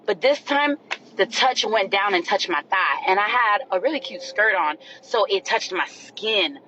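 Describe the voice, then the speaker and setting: A woman telling a story to camera in a dramatic, animated, casual way. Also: medium pitch, normal speed, dull audio, a little hiss or hum. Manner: animated, dramatic, shrieks in retelling.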